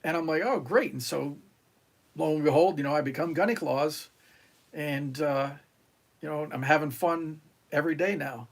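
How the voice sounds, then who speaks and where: A retired Marine, middle-aged and from New York, tells rambling podcast stories with frequent fillers and restarts, acting out others' lines in casual interview storytelling. His voice is on the high side and creaky, with a steady tone and normal speed.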